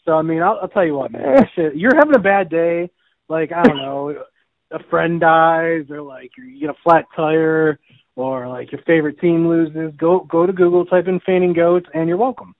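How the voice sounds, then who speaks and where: A man's voice: a little high, normal speed, dry recording. A man co-hosting a casual gaming podcast, telling rambling jokey stories and bleating like a goat now and then. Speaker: podcast co-host. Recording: tinny phone-like line.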